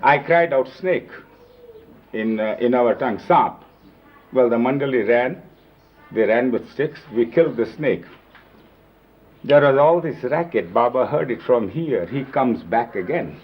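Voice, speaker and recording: A man telling lively, emphatic anecdotes about his time as a companion, recorded on old videotape. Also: mid-range voice, normal speed. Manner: lively, emphatic retelling with acted-out quotes. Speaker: storyteller recalling his years as a companion. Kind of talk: informal anecdotal storytelling. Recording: dull lo-fi 1970s reel-to-reel videotape.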